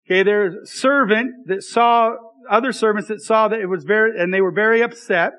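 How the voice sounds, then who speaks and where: A man's voice: high-pitched, normal speed, a bit bright, rough recording. A man preaching a sermon as pastor, reading scripture aloud and making joking asides to the congregation in a conversational way.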